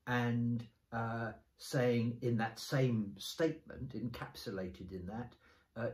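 A man's voice: mid-range voice, animated, measured pace, a little mellow. A man, a bishop, talking through a bible passage in a thoughtful, step-by-step way with many restarts. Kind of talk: conversational bible discussion. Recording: roomy echo.

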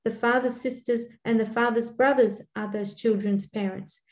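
An older woman, speaking earnestly as a community elder on a panel, pausing often with fillers. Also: on the high side, fairly even intonation, darkish tone. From Australia. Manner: earnest, halting, with frequent fillers. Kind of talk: panel talk. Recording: echoey room.

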